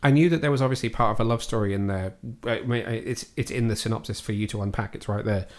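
Guy reviewing a movie on a home podcast, thinks out loud, restarts a lot. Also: on the low side, fast talker. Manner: thoughtful, hesitant restarts while weighing opinions. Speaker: podcast host. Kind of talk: casual film review chat. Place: at home, cat on the desk.

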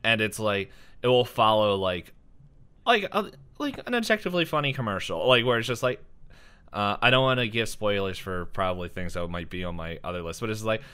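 A man's voice: on the low side, lively intonation, brisk, pushed and bright, smooth. A young man hosting a casual podcast chat, rambling with lots of fillers and frequent laughs. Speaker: podcast host.

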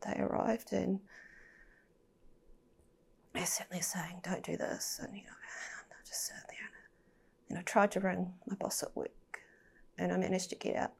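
Woman guest, gravelly low voice, candid and emotional, trails off to near-whispers. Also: little pitch movement, moderate pace, long pauses, darkish tone. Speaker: podcast guest. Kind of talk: personal storytelling in a podcast interview.

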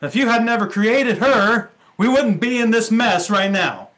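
A man's voice: high voice, expressive, a little slow, a bit bright, voice pushed up, poor audio. A man playing Adam, the first man, shifting blame in a whiny, defensive way in a sermon. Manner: whiny, excuse-making.

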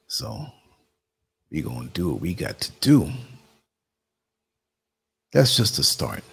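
A man with a New York accent talks casually to his live-stream audience, his low voice gravelly and a little husky. He drifts between easygoing chat and quiet muttered asides to himself. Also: wildly swooping pitch, slow pace. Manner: conversational, muttering asides while working the computer. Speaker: live show host. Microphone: computer streaming setup.

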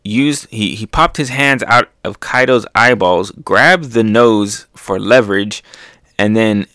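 In a clean, echo-free tone, a man with a fairly low voice takes his time narrating a comic chapter. The manga reaction host keeps the casual read-through chatty and animated, frequently laughing and making playful sound effects, all recorded close and dry with no room sound.

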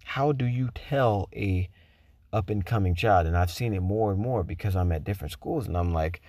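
A man who works as a teacher, telling a story casually, with profanity and animated quoted voices. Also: low voice, moderate pace, no echo, clean studio sound.

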